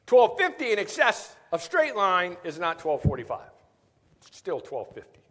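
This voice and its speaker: A man giving a conference talk, his pitch rising and falling as he jokes and tells stories between technical points. He keeps tossing "right?" at the audience. The sound carries a long reverb tail from the large hall. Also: big pitch swings, normal speed, a bit bright. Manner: jokey, storytelling, keeps asking "right?". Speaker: tax seminar presenter. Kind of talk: live conference lecture.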